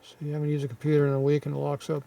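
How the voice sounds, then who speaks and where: Gruff man with a scratchy throat. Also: on the high side, monotone, racing, recorded from a distance. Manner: gruff, offhand, muttering asides. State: scratchy throat, frequent throat clearing. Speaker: channel host reading viewer comments. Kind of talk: casual rambling commentary.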